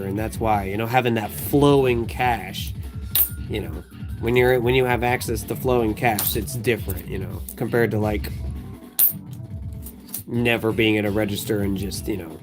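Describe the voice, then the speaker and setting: A man's voice: fairly low pitch, moderate pace. A man hosting a livestream while sorting coins, chatting in a loose, rambling way full of fillers and frequent laughs. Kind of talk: casual chat. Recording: music playing behind.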